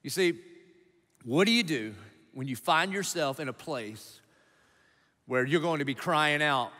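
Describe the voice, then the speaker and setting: A man's voice: medium pitch, lively intonation, normal speed, sharp tone. A male pastor preaching an emphatic sermon, driving his points home with punchy rhetorical questions to the congregation. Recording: long reverb of a large hall.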